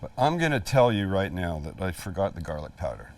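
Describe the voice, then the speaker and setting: A man's voice: low voice, sing-song, a little fast, a little mellow, recorded from a distance. A middle-aged man hosting a casual cooking demonstration in his backyard, chatty, jokey and emphatic. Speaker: cooking show host. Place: outdoor backyard kitchen.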